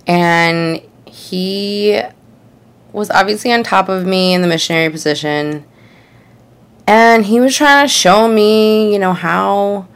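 A woman's voice: on the low side, vocal fry. A young woman telling a funny personal story in a chatty, rambling way, full of "like" and "you know.". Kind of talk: casual comedic storytelling.

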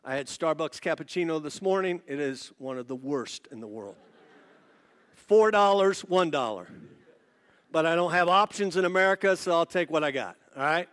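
High-voiced male pastor preaching. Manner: animated storytelling with quick asides to the audience. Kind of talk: sermon. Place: church service before a congregation.

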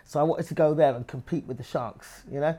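Woman, English accent, comedian, interview guest, animated storytelling. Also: low voice, fairly quick. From England. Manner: animated, acts out other people's voices in her stories. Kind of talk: lively interview conversation.

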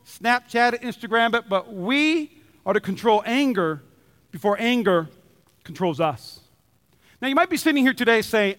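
A man with a very high-pitched voice preaches a sermon as pastor, animated and lively. He slips into other people's voices when he quotes them. His voice rings with the long reverb of a big church hall. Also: moderate pace. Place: church auditorium.

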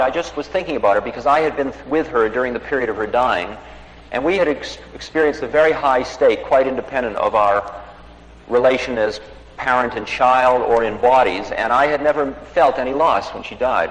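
A man's voice: medium pitch, moderate pace. A man recounting a personal story in a recorded talk, acting out the voices of the people he quotes. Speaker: spiritual teacher telling a story. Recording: echoey hall recording with faint noise.

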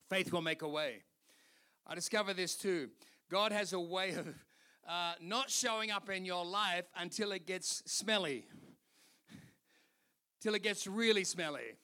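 Bright, high-pitched male pastor preaching. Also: animated, a little slow. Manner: emphatic, repeats phrases, acts out quotes. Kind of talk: sermon.

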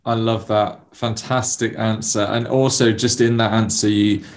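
A man's voice: on the low side, fairly even intonation, moderate pace. A man hosting a faith interview, affirming his guest and reflecting on what was said. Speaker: interview host.

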